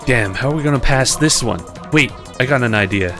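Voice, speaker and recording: A man's voice: medium pitch, fairly quick. Man, streamer, casual gameplay commentary, joking, game music behind. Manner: joking, self-mocking.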